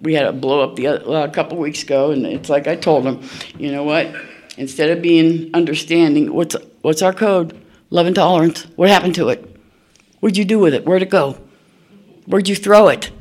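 A woman's voice: deep voice, moderate pace, a little mellow. An older woman, telling her own story at a recovery meeting in a blunt, folksy, candid way, laughing at herself. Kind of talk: personal storytelling share.

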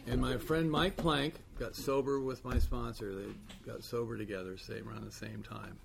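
A man's voice: mid-range voice, fairly even intonation, normal speed, gravelly, over a noisy crowd. A man giving a candid, wry personal share at a recovery meeting, telling his story with dry humor.

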